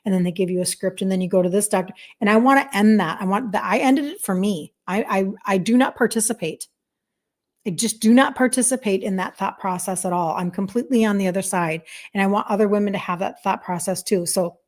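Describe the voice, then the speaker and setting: This Minnesota woman in her fifties is a health coach doing a casual live-stream chat. Her mid-range voice is a little mellow as she earnestly, apologetically reads aloud what viewers have commented.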